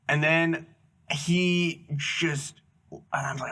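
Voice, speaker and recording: A man's voice: a little high, unhurried. A man co-hosting a casual comedy podcast, telling stories and acting out the people in them. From USA. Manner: animated storyteller acting out dialogue. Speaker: podcast co-host.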